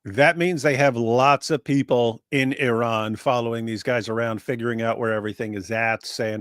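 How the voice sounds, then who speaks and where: A man co-hosting a podcast in casual chat, animated and sarcastic, with stammering restarts. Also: mid-range voice, normal speed, hardly any pauses, dry recording, studio quality.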